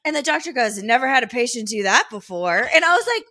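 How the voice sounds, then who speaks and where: Animated woman telling a story. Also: fairly high pitch, fast, dry recording, clean studio sound. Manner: animated, laughing storyteller with quoted voices. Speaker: podcast co-host. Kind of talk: casual storytelling chat.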